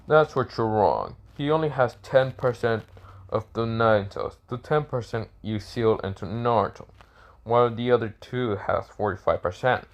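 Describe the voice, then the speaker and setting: Guy rambling thru a made-up fan story, lots of ums and restarts, lowish voice. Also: normal speed. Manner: rambling, self-correcting, filler-heavy. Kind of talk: improvised fan-fiction narration.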